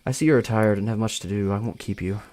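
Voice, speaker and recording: A man's voice: lowish voice, steady tone, quick pace, a little mellow, close to an everyday voice. Man reading as a polite young woman. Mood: gracious.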